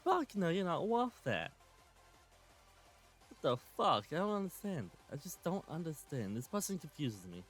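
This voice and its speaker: A man's voice: fairly high pitch, very animated, moderate pace, fairly bright tone. A man in his twenties giving a sarcastic, swearing rant while commenting on clips. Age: 20s. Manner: sarcastic, ranting, swears often. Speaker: commentary channel host.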